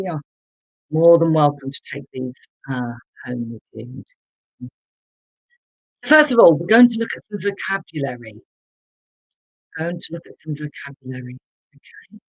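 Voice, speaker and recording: Slow, deliberate online English teacher. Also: mid-range voice, no room sound, highs cut off. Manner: slow, deliberate, repeats words for learners to copy; addresses viewers in the chat directly. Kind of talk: live online language lesson.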